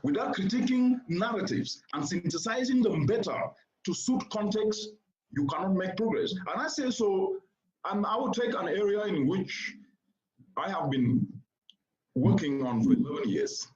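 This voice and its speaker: A man's voice: high voice, lively intonation, moderate pace, darkish tone. A man giving a formal keynote address to a seated audience, speaking in an oratorical, emphatic way and repeating points for stress. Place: conference venue before a seated audience. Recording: roomy, slightly dull sound.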